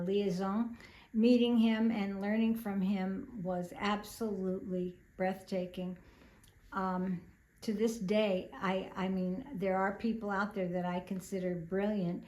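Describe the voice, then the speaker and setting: An older woman speaks as the host of a self-help channel, with a mid-pitched voice. She tells stories earnestly and reflectively, pausing on small fillers, and her voice carries a roomy echo. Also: darkish tone. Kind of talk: casual self-help talk.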